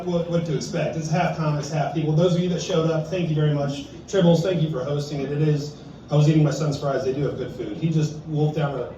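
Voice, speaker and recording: A man's voice: a little high, mellow, a little hiss or hum. A man in his fifties doing a stand-up set at an open mic in a bar-restaurant, self-deprecating and chuckling at his own jokes. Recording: echoey room, distant and dull.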